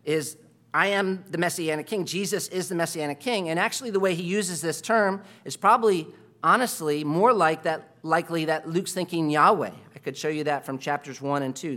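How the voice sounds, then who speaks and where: A man preaching a sermon, emphatic and full of rhetorical questions, moving between quiet asides and loud stresses. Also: on the high side, normal speed.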